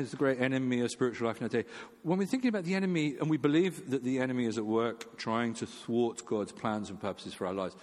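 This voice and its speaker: A man preaching a sermon in a conversational way, with fillers and restarts, acting out quoted voices. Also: big-room sound. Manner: acts out quoted voices with jumps in pitch.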